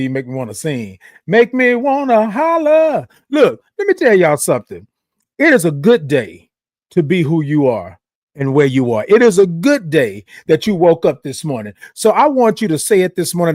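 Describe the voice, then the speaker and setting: A high-voiced man hosts a morning live stream, bouncing all over his range as he chats playfully with his viewers. He draws his greetings out into long sing-song calls. The sound is close and dry, with no room around him. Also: darkish tone, no room sound. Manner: chatty and playful, talks straight to the audience. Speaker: host.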